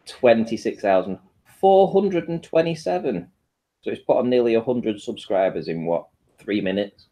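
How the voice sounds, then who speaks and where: A man's voice: fairly low pitch, dark tone. A man chatting casually on an online video call, talking in a dry, matter-of-fact and defiant way.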